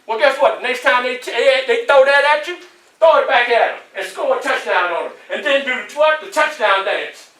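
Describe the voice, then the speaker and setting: A man with a Southern US accent giving a motivational speech to students in a college hall, preachy and animated, often asking the crowd questions. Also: very high voice, a little fast. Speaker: motivational speaker. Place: large echoey college hall. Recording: echoey hall, voice from far off.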